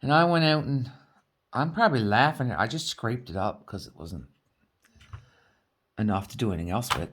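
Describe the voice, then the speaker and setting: A woman's voice: rumbling low, animated, normal speed, pauses often, slight background noise. A woman from Newfoundland with a Newfoundland accent, chatting casually with her viewers while crafting at home and laughing often. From Newfoundland, Canada. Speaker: crafting vlogger.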